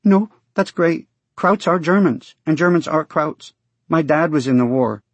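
A man voicing an excited, chatty six-year-old boy in an audiobook reading. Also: a little slow, no room sound. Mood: eager. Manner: high, eager, breathless chatter. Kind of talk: audiobook character voice.

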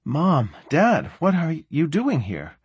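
A woman's voice: low-pitched, wildly swooping pitch, a little mellow, breathy edge, dry recording, pitched above the performer's own voice, heavily acted. A male narrator voicing a confused young woman who has just woken up. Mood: bewildered. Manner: confused, rapid questions.

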